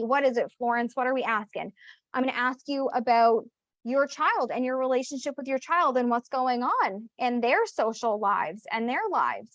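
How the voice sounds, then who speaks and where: A woman's voice: fairly high pitch, animated, moderate pace, a bit bright, no echo. A woman business coach talking on a podcast, emphatic and blunt and swearing freely. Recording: dull lo-fi audio.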